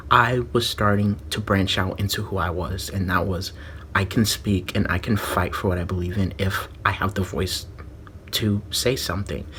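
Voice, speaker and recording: A man in his own vlog tells a long, rambling story, looping back on himself with many "like" fillers and restarts. His voice sits on the low side, and faint noise hums behind him. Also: a bit bright. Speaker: vlogger.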